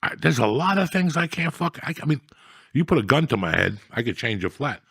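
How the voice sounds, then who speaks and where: A middle-aged man tells rambling, profane stories in a blunt, casual way. His voice is gravelly and husky. The sound is dry and close, with no room echo. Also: mid-range voice, big pitch swings, a little fast, a bit bright. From New Jersey. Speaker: storyteller guest. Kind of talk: casual storytelling chat.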